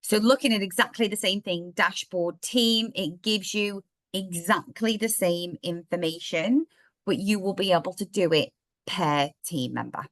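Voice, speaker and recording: A woman with a slightly croaky voice, chatting through a software demo step by step in a live online workshop. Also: mid-range voice, measured pace, no room sound. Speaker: software trainer.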